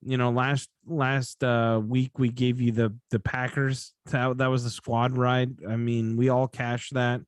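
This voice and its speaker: A man's voice: mid-range voice, level tone, a little slow, few pauses, clear, resonant tone, dry recording, clean studio sound. A man hosting a casual sports betting podcast, sleepy and yawning, rambling and correcting himself as he talks. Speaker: podcast host.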